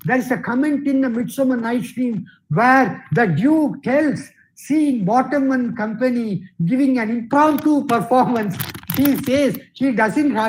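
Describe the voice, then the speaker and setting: Middle-aged guy, slow unhurried lecture on voice, keeps repeating himself and saying you see. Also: very high-pitched, darkish tone, rough recording. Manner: repeats phrases, says "you see" often. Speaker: guest speaker, theatre director and English professor. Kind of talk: workshop lecture on voice training.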